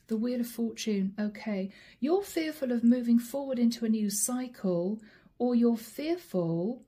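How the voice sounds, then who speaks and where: A woman's voice: a little high, dark tone, breathy edge. A woman giving a tarot reading, addressing the viewer directly with probing, repeated questions. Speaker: tarot reader.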